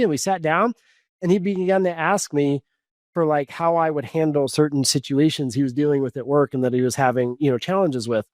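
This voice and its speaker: Animated man telling a personal story. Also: a little high, fast, dry recording. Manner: animated, many fillers and restarts. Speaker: coach, podcast guest. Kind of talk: storytelling in podcast conversation.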